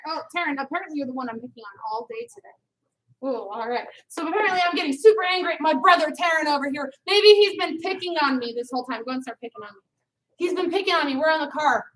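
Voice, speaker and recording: A woman instructor commands a children's karate class in a martial arts studio, her high-pitched voice fast and fairly bright. She calls for the kids to answer back with "yes, ma'am," against a noisy studio background.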